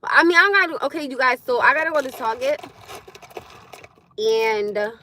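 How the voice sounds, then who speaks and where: A woman chatting casually on a livestream, loud and laughing often as she answers comments. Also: sits high, expressive, normal speed, a little hiss or hum. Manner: loud, laughing, talks back to chat. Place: in her car.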